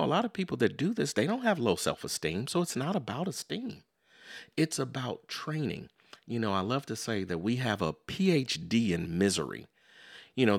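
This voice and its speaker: Deep, gravelly man giving motivational talk. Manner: conversational, repeats "so in other words" and "you know"; acts out everyday quotes in lively voices. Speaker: podcast host. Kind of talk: motivational self-help monologue.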